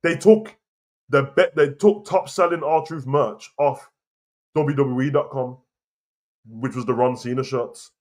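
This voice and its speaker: A man's voice: mid-range voice, a little slow, a little mellow. A man, hosting a casual wrestling opinion show and arguing his point heatedly and repetitively. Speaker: wrestling commentary host. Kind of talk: casual opinion rant to camera.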